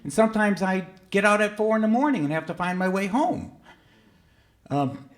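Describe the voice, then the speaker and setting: A man's voice: animated, quick pace. Middle-aged man telling a story on stage. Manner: conversational, with many fillers and self-corrections; sharply raised pitch when quoting himself in disbelief. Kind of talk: live personal storytelling on stage. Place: museum event hall, on stage before an audience.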